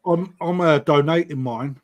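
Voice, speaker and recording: A middle-aged man with a British accent runs a live koi auction stream, calling bids and countdowns in a friendly, matey patter. His voice sits a touch higher than most men's. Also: unhurried. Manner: chatty, matey banter, calls bids and time.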